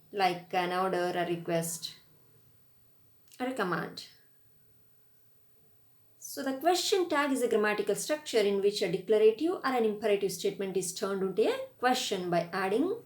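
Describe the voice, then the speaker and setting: A woman's voice: medium pitch, reverberant. A woman, a lecturer giving a recorded grammar lesson. She explains patiently and shows rising and falling tones in her own voice. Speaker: English lecturer.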